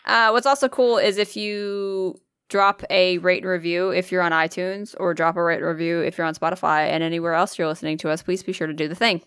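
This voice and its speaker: A woman's voice: on the low side, steady tone, fairly quick, a bit bright, clear, resonant tone, no echo, studio quality. A young woman co-hosting a casual podcast, teasing her partner, laughing often and swearing casually. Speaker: podcast co-host.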